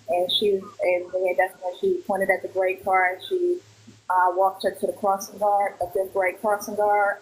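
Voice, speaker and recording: A woman's voice: mid-range voice, little pitch movement, normal speed, poor audio. Woman, 30s, from Milwaukee, witness, casual storytelling, quoted dialogue acted out. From Milwaukee, Wisconsin. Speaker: witness guest. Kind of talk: casual live-stream storytelling.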